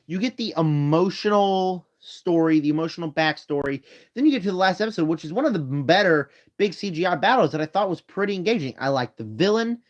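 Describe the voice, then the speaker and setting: A man hosts a casual live stream from his room, rambling through movie rankings while tired and yawning. His voice sits a little high and comes through dull, lo-fi phone audio. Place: home room.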